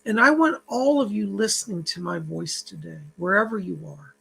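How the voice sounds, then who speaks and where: Psychic guy in a spiritual vlog, super gravelly voice, earnest storyteller. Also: sits high, moderate pace, a bit bright, a little hiss or hum. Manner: earnest storytelling, retelling a phone call; preachy, uplifting address to viewers.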